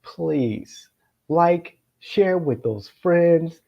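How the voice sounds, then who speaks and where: A man's voice: a little high, animated, extremely slow, creaky. Middle-aged man telling a rambling story. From Florida, United States. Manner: meandering, many filler sounds, chuckling asides. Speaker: political consultant and show host. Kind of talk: anecdotal storytelling to camera. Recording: dull lo-fi sound.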